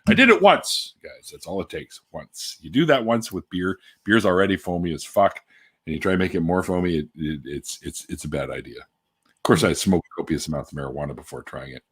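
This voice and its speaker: A man's voice: low-pitched, expressive, fairly quick, slightly rough. A man hosting a casual video chat, telling profane jokey stories and acting out the other voices. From Canada. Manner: joking, profane storyteller who acts out voices. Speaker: host.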